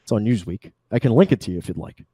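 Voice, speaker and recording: A man's voice: lowish voice, animated, quick pace, warm tone, slightly rough, no room sound. A man calling into an online debate, stumbling and repeating himself, dropping crude insults. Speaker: caller, debate guest.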